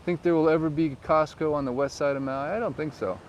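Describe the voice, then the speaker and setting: A man in his forties chats loosely and playfully with live viewers while he rides around outdoors. His voice sits somewhat high and now and then leaps into excited squeals. Faint surf and waves wash behind him. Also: fairly quick, a little hiss or hum. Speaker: real estate agent and vlogger. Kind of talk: live-stream vlog chatting with viewers. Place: outdoors on the island, riding a golf cart near the surf.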